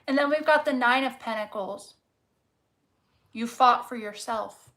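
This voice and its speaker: A woman's voice: a little high, unhurried, pauses often, background noise. A woman reading tarot cards casually to camera, fervent and encouraging, swearing freely and repeating words for emphasis. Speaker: tarot reader.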